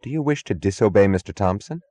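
A man's voice: fairly low pitch, lively intonation, quick pace, mellow, pitched above the performer's own voice, natural voice. A man reading an audiobook, voicing a cool, commanding woman executive in a level, firm voice. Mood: cold, commanding.

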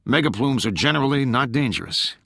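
A man voicing a calm male oceanographer who explains science patiently. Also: medium pitch, fairly quick, creaky, no room sound, clean studio sound, pitched above the performer's own voice, full character voice. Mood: explaining.

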